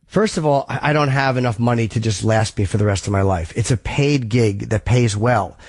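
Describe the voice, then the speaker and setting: A man hosting a call-in radio show who gives blunt, frank, profane advice and keeps clearing his throat. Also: medium pitch, brisk, dry recording. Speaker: radio host.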